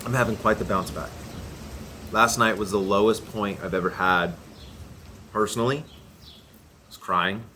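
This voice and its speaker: A man's voice: fairly low pitch, moderate pace, pauses often, pushed and bright, a little hiss or hum. A man who hosts a cycling channel, talking in earnest, reflective short phrases about a hard ride. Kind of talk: confessional vlog narration.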